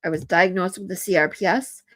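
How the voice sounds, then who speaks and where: A woman streamer talking to her chat in a casual live stream, earnest and heartfelt, often halting and restarting her sentences. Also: on the low side, steady tone, fairly bright tone.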